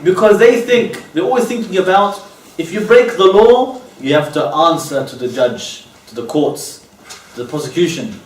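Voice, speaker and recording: A man's voice: a little high, normal speed, a little hiss or hum. A man giving a religious lecture. He keeps checking in with "okay?", asks rhetorical questions, and restates his key terms. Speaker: Islamic lecturer. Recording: echoey room, voice from far off.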